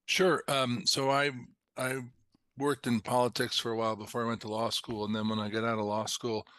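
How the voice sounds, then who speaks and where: A middle-aged man, a company founder as a podcast guest, explaining in a measured way and clearing his throat now and then. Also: medium pitch, little pitch movement, a bit bright, dry recording. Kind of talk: casual podcast interview.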